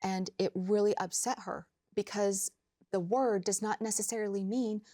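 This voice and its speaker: A woman financial advisor on a talk show, explaining money matters in measured, plain steps. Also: medium pitch, fairly even intonation, warm tone.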